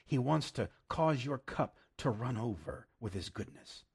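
A male preacher with a husky, slightly raspy voice delivers a sermon in a lively, swooping pitch. He talks plainly and emphatically, jumping from loud exclamations to hushed, whispered asides. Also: measured pace. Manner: laughs often, direct and plain-spoken.

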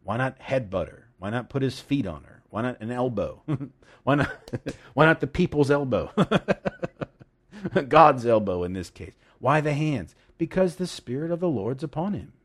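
A man's voice: medium pitch, expressive, moderate pace. A man preaching a sermon, reading scripture and explaining it emphatically, with jokes and asides.

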